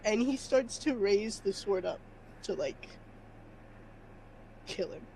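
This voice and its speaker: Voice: mid-range voice, slow, vocal fry, a little mellow, slight background noise, rough recording. A player at a tabletop game, tearful and rambling, with many fillers.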